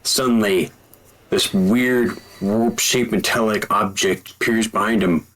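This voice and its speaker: A man's voice: lowish voice, fairly even intonation, measured pace, fairly bright tone, slight background noise. A man narrating a tabletop game as game master, in a theatrical, joking way.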